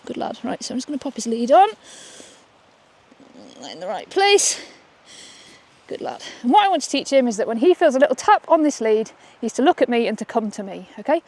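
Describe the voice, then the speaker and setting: A chatty woman with a fairly high voice teaches dog training while out on a walk. She talks upbeat and keeps checking in with "okay?", recorded outdoors on a camera she holds. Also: very animated, brisk, darkish tone. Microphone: camera she holds while walking.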